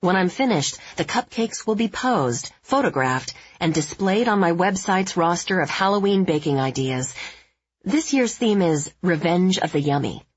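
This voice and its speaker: A woman narrating a novel in the first person with steady, measured storytelling. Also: fairly low pitch, breathy edge, dry recording, highs cut off. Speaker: audiobook narrator.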